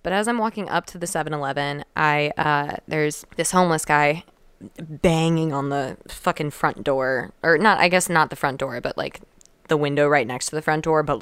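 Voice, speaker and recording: Low-voiced woman, rambling casual storyteller. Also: a bit bright, clear, resonant tone, no room sound. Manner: rambling, swearing, lots of "like". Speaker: podcast co-host.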